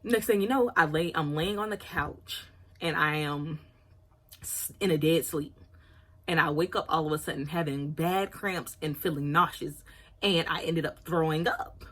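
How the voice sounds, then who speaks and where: Low husky woman telling a storytime. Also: moderate pace, fairly bright tone. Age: around 30. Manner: candid, chatty, apologizes for oversharing. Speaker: vlogger. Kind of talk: storytime vlog.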